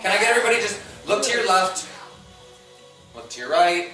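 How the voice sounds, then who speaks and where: A man's voice: high voice, sing-song, brisk, pushed and bright, faint music behind. Thirtyish male comic, self-mocking storyteller at a convention, recorded from afar in an echoey room. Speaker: stand-up comedian. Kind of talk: stand-up comedy set. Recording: roomy hall, far from the mic, audience noise.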